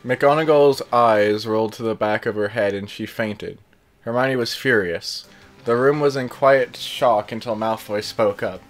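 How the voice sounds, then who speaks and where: A man's voice: fairly low pitch, unhurried, soft background music. A man reading fan fiction aloud while playing a game, in a casual, plain delivery broken by joking, distracted asides. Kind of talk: casual read-aloud over gameplay.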